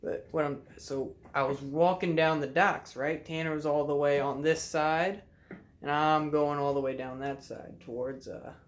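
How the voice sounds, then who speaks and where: A young man with a slightly high voice tells a fishing story to the camera in a loose, laid-back drawl. He talks from his room at home and breaks into loud shouts as he acts out the story. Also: fairly even intonation, measured pace. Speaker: vlogger telling a fishing story.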